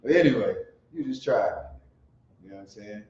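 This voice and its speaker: A man preaching on the street, profane and fiery, teaching from scripture and swinging from mutters to shouts. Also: on the low side, animated, brisk. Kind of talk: street sermon with scripture reading. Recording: roomy dull lo-fi recording with faint noise.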